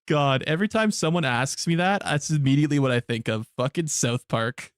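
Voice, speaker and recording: Guy ranting to his stream chat, swears a ton, kinda high voice, dry no room sound. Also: no echo. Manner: blunt, profane ranting to chat. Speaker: live game streamer. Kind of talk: casual live-stream chat.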